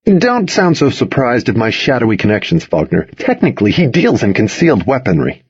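Man playing a teenage boy, smug, wisecracking, raised pitch, lively. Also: fairly quick, husky, dull audio. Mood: cheerful. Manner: cheerful, wisecracking.

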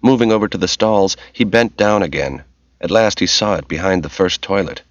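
A man giving steady, measured scripted narration of a novel, in a dull, lo-fi audiobook recording. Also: sits low, dry recording.

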